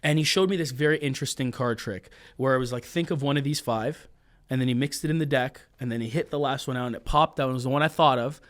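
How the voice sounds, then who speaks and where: A man in his twenties, a mentalist guest, telling stories in a casual, animated podcast interview that drifts off on tangents. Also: medium pitch, fast, hardly any pauses.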